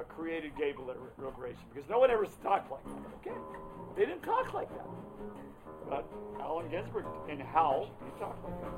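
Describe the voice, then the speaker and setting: An older poet from Oregon, United States, performs rambling, profane, theatrical verse and talk while live guitar plays behind him. His voice is a little high, and the recording is rough.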